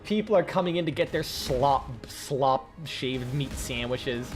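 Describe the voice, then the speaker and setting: A young man with a light Southern lilt chats loosely as he plays, swearing freely and tripping over his own restarts. His voice sits at an ordinary middle pitch. Game music plays clearly underneath him. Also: measured pace, hardly any pauses. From American South. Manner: excitable, swears a lot, rambling with restarts. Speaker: streamer. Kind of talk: casual gameplay commentary.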